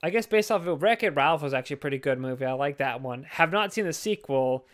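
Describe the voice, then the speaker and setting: Smooth-voiced young man, rambling and jokey. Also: fairly high pitch, expressive, fast, a bit bright. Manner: rambling, profane, jokey, full of fillers. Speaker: podcast co-host. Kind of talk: casual chat.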